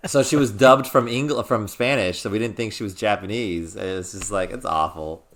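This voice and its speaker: A man in his thirties co-hosts a casual podcast, rambling and restarting as he tells stories. His voice sits low yet sounds bright and forceful, and he breaks into loud, excited quoted lines. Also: a little slow. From Southern California. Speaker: podcast co-host.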